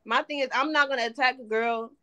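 A woman's voice: sits high, steady tone, fast, pushed and bright. Blunt woman speaking emphatically. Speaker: guest. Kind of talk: casual chat.

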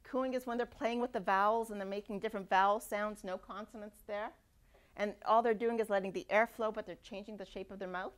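Lively woman lecturing. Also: mid-range voice, brisk. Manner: lively, demonstrates sounds aloud. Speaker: university lecturer. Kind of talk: classroom lecture. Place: lecture hall.

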